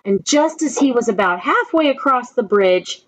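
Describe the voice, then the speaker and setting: A woman reading a children's story aloud, slow and gentle, asking the children questions as she goes. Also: a little high, expressive, rough recording. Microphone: own camera.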